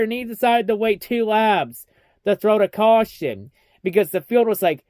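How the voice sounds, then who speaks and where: A young man with a high, smooth voice rants through a casual race recap, swearing often and mocking what he saw. The sound is dry and close, with no room around it. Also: expressive, moderate pace, a little mellow, no echo. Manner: ranting, heavy swearing, mocking. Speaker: racing recap vlogger.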